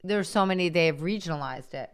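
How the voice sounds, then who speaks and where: A middle-aged woman co-hosting a live stream, telling family stories in an animated, casual way. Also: on the low side, brisk, smooth. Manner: animated storytelling. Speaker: co-host.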